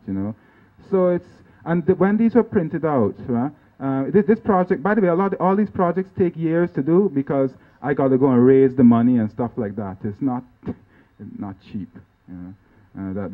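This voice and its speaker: A man from Guyana giving an informal artist's talk over slides, halting with many restarts and tag questions like "right?" and "you know". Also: mid-range voice. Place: lecture venue. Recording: tinny, phone-like band-limited sound.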